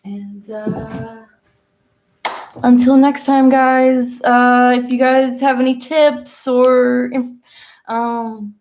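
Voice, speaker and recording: A young woman hosts a relaxed painting lesson over a laptop stream, rambling and talking half to herself as she works. Her voice sits a touch high with a gravelly fry. She speaks at an unhurried, slow pace. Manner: chatty, rambling, self-talking while painting. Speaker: painting class host. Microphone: laptop mic.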